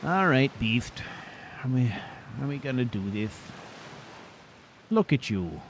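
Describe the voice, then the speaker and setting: A man plays a fussy, bookish adventurer in a video game, easily flustered and fond of prim, formal phrasing. His pitch swings widely, and his delivery is slow and drawn out. He grumbles to himself between lines. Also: very animated, slight background noise. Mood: exasperated. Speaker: gameplay narrator voicing his character. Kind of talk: in-character gameplay commentary.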